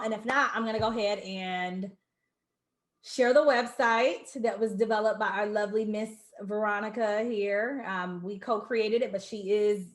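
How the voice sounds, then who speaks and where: Woman hosting a live video party, gushy and emotional, greets everyone by name, echoey room. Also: mid-range voice. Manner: warm, emotional, effusive, greets viewers by name. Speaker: host of an online launch party. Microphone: video call.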